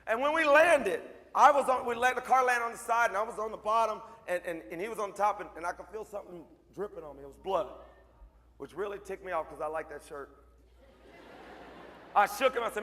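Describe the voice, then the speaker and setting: A man giving a motivational speech to a live audience, telling comic stories and acting them out with bursts of shouting. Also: high-pitched, a little fast, big-room sound, a little hiss or hum. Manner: animated, acts out voices and shouts. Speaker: motivational speaker.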